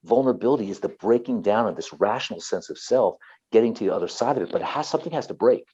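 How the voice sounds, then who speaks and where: A man's voice: fairly low pitch, animated, quick pace, dark tone, highs cut off, slight background noise. A man, a therapist and author, talking earnestly and passionately as an interview guest, often repeating himself.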